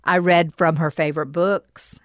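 A middle-aged woman telling a personal story, reflective and halting, with frequent pauses and restarts. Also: sits low, steady tone, dry recording, clean studio sound. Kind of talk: personal testimony.

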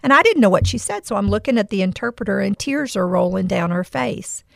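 Middle-aged woman podcast host, gravelly and earnest, telling a story with feeling. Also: mid-range voice, expressive, fairly quick, no room sound, studio quality. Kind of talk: personal storytelling with Bible reflection.

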